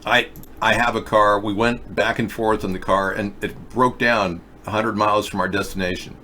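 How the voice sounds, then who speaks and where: A man's voice: on the low side, steady tone, normal speed, sharp tone, a little hiss or hum. Rambling man hosting a video chat. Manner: rambling, reads chat comments aloud. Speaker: show host. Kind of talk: casual video chat commentary.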